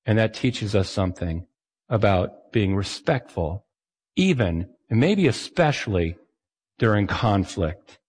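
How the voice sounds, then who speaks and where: A man's voice: lowish voice, lively intonation, unhurried, a little mellow, slightly rough. Conversational male pastor in a reverberant hall. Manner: conversational, acts out quoted voices. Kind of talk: sermon.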